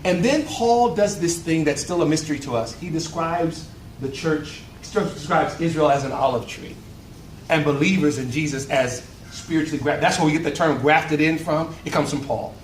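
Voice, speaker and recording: Animated preacher man in an echoey hall. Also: a little high, moderate pace, a little hiss or hum. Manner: animated, rhetorical call-and-response preaching. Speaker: pastor. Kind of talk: sermon at a luncheon. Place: event hall. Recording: echoey room, voice from far off.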